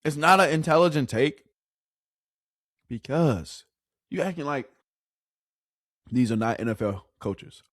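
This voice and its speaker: A man ranting through a sports reaction video, mocking and profane, his voice swinging widely between loud jabs and low mutters. He sits a touch high for a man, recorded dry and close with no room sound. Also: lively intonation, a little slow, pauses often, dry recording. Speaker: reaction commentator. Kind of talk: casual reaction commentary.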